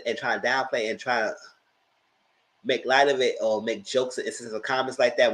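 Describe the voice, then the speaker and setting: A man hosting a casual TV review, talking in an animated, blunt way and swearing freely. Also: medium pitch, poor audio. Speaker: show recap host.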